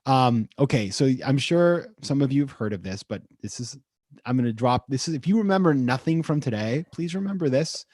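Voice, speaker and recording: A man speaking as an investor guest in a casual webinar interview, acting out quoted messages with lively shifts in his voice. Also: brisk, dry recording, studio quality. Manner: animated, acts out quotes with rising pitch.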